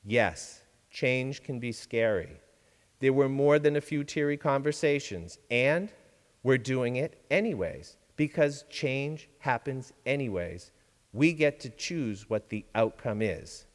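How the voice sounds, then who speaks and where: A man giving a sermon-style reflection from a church pulpit, measured and deliberate, with dramatic pauses. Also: mid-range voice, expressive, long reverb tail. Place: large church sanctuary.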